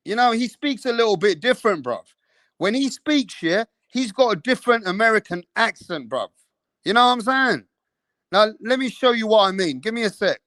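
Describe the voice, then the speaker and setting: A man hosting a live boxing stream, talking in a streetwise, slang-heavy way and keeping up a steady chat straight to the viewers. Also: high voice, moderate pace, dry recording. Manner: streetwise, slang-heavy, keeps saying bro and bruv. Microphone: streaming setup mic.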